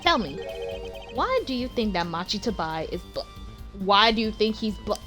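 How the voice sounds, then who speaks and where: A suave male rock star prosecutor who speaks with a showy, self-assured smoothness in a courtroom game, as a young woman reads his lines aloud. The voice sits at an ordinary middle pitch and is barely disguised. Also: big pitch swings, normal speed, a bit bright, soft background music. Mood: teasing.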